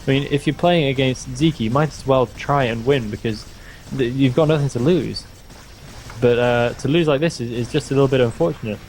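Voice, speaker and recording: A man's voice: medium pitch, fairly quick, a little mellow, a little hiss or hum. A young man casting a strategy game match in a casual, chatty way, often restarting his words. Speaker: esports caster.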